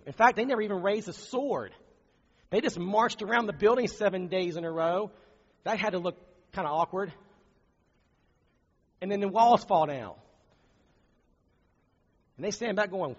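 Guy preaching, kinda high voice, lots of rhetorical questions, dull echoey hall sound. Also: normal speed, pauses often, husky. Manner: conversational, animated, asks rhetorical questions. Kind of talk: sermon. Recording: dull recording in a reverberant hall.

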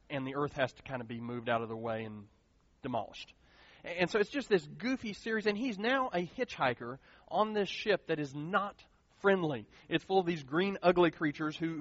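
A man preaching a sermon as pastor, earnest and animated, repeating key phrases for emphasis. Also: on the high side, no room sound. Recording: dull lo-fi sound, dry.

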